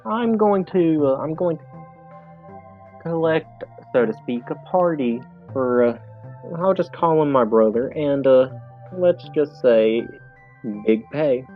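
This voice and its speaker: A man's voice: on the high side, lively intonation, slow, faint music behind. A man putting on a sly scheming goddess. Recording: tinny phone-like line.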